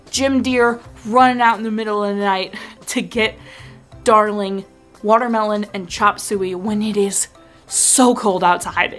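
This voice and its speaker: A young woman chatting to camera as a film-review vlogger, gushing and animated with quick asides. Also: medium pitch. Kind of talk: casual chat to camera.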